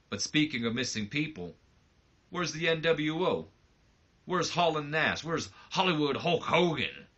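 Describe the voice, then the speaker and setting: Man voicing a boastful male wrestling champion, third-person bragging, loud and bright, lo-fi sound. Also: medium pitch. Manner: swaggering, trash-talking.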